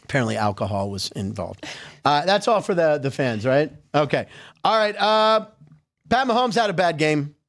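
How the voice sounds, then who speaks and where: A man's voice: fairly high pitch, very animated, moderate pace, a bit bright. A man hosting a sports podcast, chatting casually with wry, sarcastic asides.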